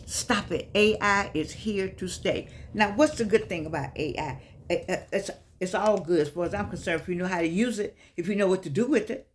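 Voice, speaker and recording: A woman's voice: medium pitch, fairly quick, a little hiss or hum. An older woman chatting casually to her viewers, emphatic and preachy, repeating herself for effect. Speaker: vlogger.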